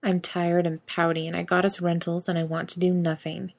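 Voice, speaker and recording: A woman's voice: fairly low pitch, flat delivery, a little fast, creaky. A woman voicing a tired, grumpy young man who speaks in a dry, clipped way in a storybook reading.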